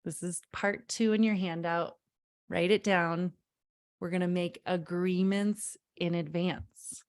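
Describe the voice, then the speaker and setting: A woman's voice: fairly low pitch, fairly even intonation, takes it slowly, clean tone. A woman parenting coach leading a live online workshop, speaking emphatically, repeating key phrases and talking straight to her audience.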